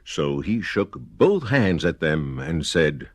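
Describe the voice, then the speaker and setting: A man reading a children's story aloud slowly in a sing-song, very expressive way. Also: extremely low pitch, husky, dry recording, studio quality. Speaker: radio theater storyteller.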